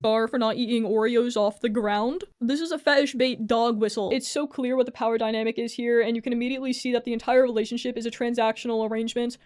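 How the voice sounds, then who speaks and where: Sarcastic woman, bright scripted commentary. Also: on the high side. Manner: sarcastic, cutting, mock-exasperated. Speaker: commentary video creator.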